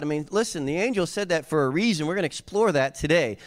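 A man preaching a sermon, reading scripture and explaining it in a casual, animated way with slang. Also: a little high, fast, hardly any pauses. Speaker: pastor.

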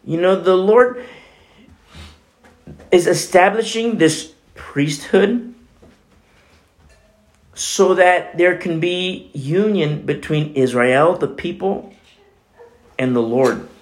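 A man's voice: high-pitched, slow, pauses often. A man preaching a Bible teaching sermon as a pastor, talking conversationally with frequent "you know" asides.

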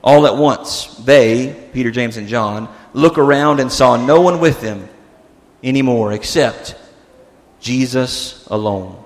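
A man preaching a sermon as pastor, animated and expressive, acting out the disciples' words and dropping to a soft tone for emphasis. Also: mid-range voice, measured pace. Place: church sanctuary. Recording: long church-hall reverb.

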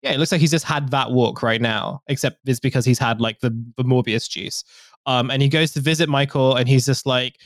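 A man's voice: mid-range voice, steady tone, brisk, dry recording, studio quality. A man on a podcast, casually recapping a film plot in a rambling way, full of fillers. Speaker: podcast co-host.

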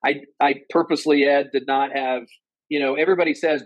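Man in his 50s, interview guest, earnest and animated, mid-pitched, dry close sound. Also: fast, no echo, lo-fi sound. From Ohio, USA. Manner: earnest, animated storyteller who acts out quotes in a higher voice. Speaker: guest, former company president. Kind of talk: personal storytelling in an interview.

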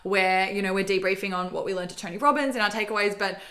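Upbeat woman podcaster, talks fast, bright voice, says like a lot. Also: medium pitch. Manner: upbeat, motivational, lots of "like". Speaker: podcast co-host. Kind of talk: casual podcast chat.

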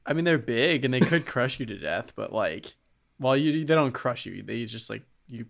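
A man's voice: medium pitch, lively intonation, normal speed, vocal fry. A man co-hosting a podcast in casual chat, laid-back, laughing often and using many fillers. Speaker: podcast co-host.

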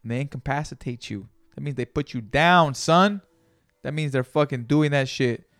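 A man's voice: medium pitch, normal speed, fairly bright tone, no room sound, studio quality. A man hosting a solo podcast, talking in a casual, rambling, profane and motivational way. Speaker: podcast host.

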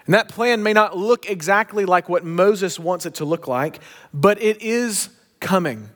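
A pastor preaching a sermon, telling a story with emphatic, shifting pace. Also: male voice, high voice, unhurried, fairly bright tone.

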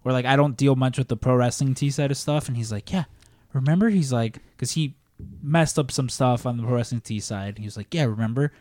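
A man's voice: medium pitch, fairly quick, darkish tone, no echo, clean studio sound. A young man in a casual chat, starting and restarting as he retells a conversation with a coworker.

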